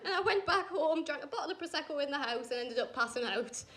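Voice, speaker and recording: A woman's voice: high voice, lively intonation, fast talker, fairly bright tone. A young woman doing a stand-up routine, telling self-mocking stories full of swearing and acted-out quotes. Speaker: stand-up comedian. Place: comedy club stage. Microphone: handheld stage mic.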